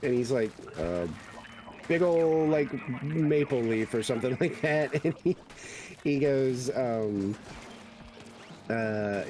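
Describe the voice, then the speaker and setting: Man, game streamer, casual chat, unhurried, rambling with fillers, background noise. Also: medium pitch, animated, darkish tone. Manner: rambling storyteller with many fillers. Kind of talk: casual chat while gaming.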